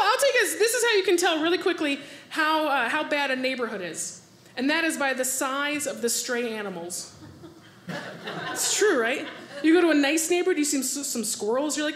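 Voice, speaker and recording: High-voiced woman doing animated stand-up. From United States. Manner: animated, acts out voices, laughs along. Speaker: stand-up comedian. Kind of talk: stand-up comedy set. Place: comedy club stage with live audience. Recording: roomy club with audience laughter. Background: audience laughter.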